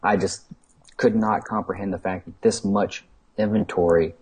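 Man, husky voice, low register, rambling chatty guest. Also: fairly even intonation, normal speed, a little mellow, poor audio. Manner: rambling, laughing, many fillers. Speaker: guest, toy collector. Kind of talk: casual anecdotal storytelling.

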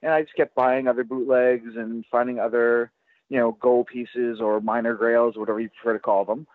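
A man, a guest collector, chatting casually on a podcast in a halting way, full of restarts and fillers. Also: mid-range voice, level tone, no room sound. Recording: tinny, dry phone line.

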